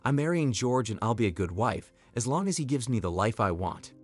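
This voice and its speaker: A scheming young woman with a sharp, dismissive manner, read by a male narrator. Her lines swing widely in pitch. Soft music plays under the storytelling. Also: big pitch swings, brisk. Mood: scornful.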